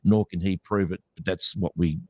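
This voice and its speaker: A man's voice: low-pitched, steady tone, moderate pace, no echo, dull audio. A man co-hosting a podcast, talking skeptically in a casual debate with many restarts. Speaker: podcast co-host.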